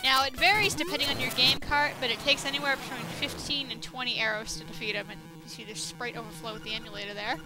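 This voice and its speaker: A woman's voice: high-pitched, fairly even intonation, quick pace, hardly any pauses, low-quality recording. A woman giving casual commentary while she plays a video game, chatting, swearing and talking back to the characters. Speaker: let's play gamer. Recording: game music playing behind.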